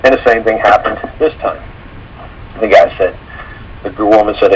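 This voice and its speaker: A man's voice: lowish voice, steady tone, normal speed, pauses often, noisy background. A man talking casually on a radio show, rambling through stories, acting out quotes and swearing freely. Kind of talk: casual call-in radio talk.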